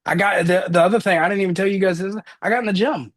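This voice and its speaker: A man in his thirties giving an earnest motivational talk, energetic as he tells personal stories on a call. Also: high voice, fast talker. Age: 30s. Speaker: motivational speaker.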